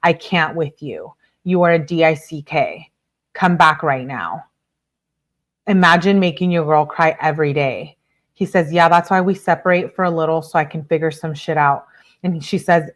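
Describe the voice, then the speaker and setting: A woman with a low voice reads a string of text messages aloud for her channel and stops to comment on them. She speaks emphatically and swaps swear words for softened stand-ins. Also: moderate pace. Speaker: true crime commentator.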